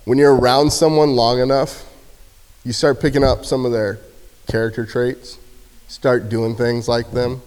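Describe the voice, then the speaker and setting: A man's voice: medium pitch, flat delivery, a little slow, smooth. Joking man preaching in a reverberant church. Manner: casual, jokey, acts out shouted quotes. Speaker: youth speaker. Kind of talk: youth sermon. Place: church sanctuary. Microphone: handheld microphone. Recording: hall reverb.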